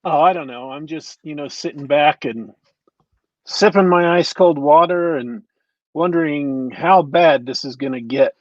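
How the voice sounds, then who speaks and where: A man's voice: fairly high pitch, a little slow, no echo, muffled recording. A man co-hosting a casual podcast chat, easygoing and musing as he talks. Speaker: podcast co-host.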